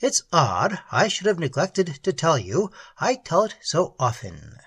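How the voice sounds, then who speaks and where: A man's voice: fairly high pitch, huge pitch swings, unhurried, fairly bright tone, slightly rough, no echo, full character voice. A man voicing a deranged white-haired older male doctor, courteous and vague with bursts of ferocity, in a storybook reading. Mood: rambling. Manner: vague, then sudden ferocity.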